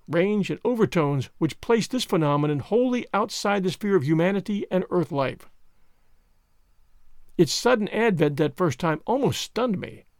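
A man narrating a horror story aloud in a slow, solemn way, chanting the ritual passages. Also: sits high, darkish tone, no room sound, studio quality. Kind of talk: dramatic audiobook reading.

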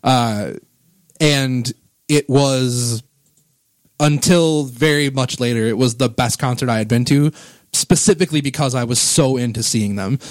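Guy hosting a music podcast, gushing and rambling, kinda choked up, mid pitch, dead dry mic. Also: unhurried, dry recording. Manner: enthusiastic, rambling, gets emotional about music. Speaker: podcast host. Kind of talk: casual music podcast chat.

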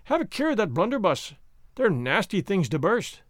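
A man voicing a bold, proud Highland gentleman who speaks in a wry, formal, stiff-necked way. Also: sing-song, moderate pace, no echo, studio quality. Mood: mocking.

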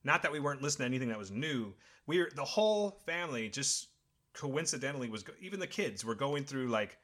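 Man, middle-aged, casual chat, lively swinging pitch, bright tone, rambling and enthusiastic. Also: fast.

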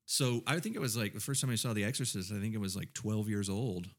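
A man with a fairly low voice rambles through casual chat. He circles back with fillers and false starts. He grew up in the American South. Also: fast talker. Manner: rambling with many fillers and restarts. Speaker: podcast panelist.

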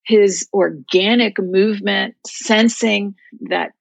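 A woman's voice: mid-range voice, steady tone, slow pace, vocal fry, slightly rough, no echo, low-quality recording. A woman guest telling a personal faith story in an earnest, heartfelt, reflective way. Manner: heartfelt, reflective, speaks of prayer and scripture.

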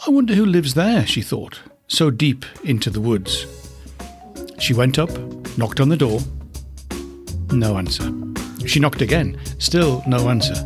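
A man, a podcast host, narrating a children's storybook in an expressive, unhurried way. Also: medium pitch, faint music behind.

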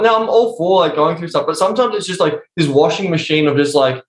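A young man in casual podcast chat, blunt, profane and animated. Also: sits high, fast talker, few pauses, roomy sound, low-quality recording.

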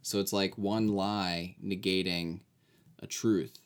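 A man's voice: sits low, steady tone, slow pace. A man chatting casually about a movie and dropping dry, sarcastic asides. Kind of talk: casual chat.

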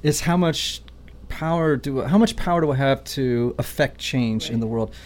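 A man's voice: mid-range voice, moderate pace, a little mellow. A man hosting a podcast interview who explains personality types like a teacher, often checking in with his guest. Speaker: podcast host and Enneagram teacher.

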